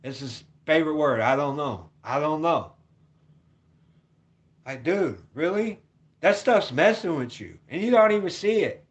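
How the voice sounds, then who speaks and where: Brief: male vlogger, voice sits a bit high, profane home rant that keeps repeating itself and jumps between loud and quiet. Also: expressive, unhurried, pauses often. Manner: ranting, repetitive, profane, swings between loud and muttered. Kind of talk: rambling opinion rant.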